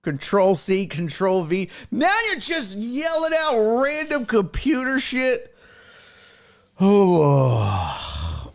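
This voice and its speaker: A man hosting a casual sports live stream, chatting with viewers. His voice sits a touch high and swings widely in pitch. He talks at an unhurried pace, with profane, exasperated rants that burst into yelling. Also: huge pitch swings, vocal fry. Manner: profane, exasperated ranting with sudden yelled outbursts.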